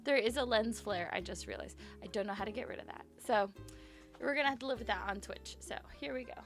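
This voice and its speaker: A young woman streamer chatting casually and apologetically with her viewers from her bedroom at home, rambling from topic to topic in a brisk work voice. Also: a little high, soft background music. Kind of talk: casual live-stream chat.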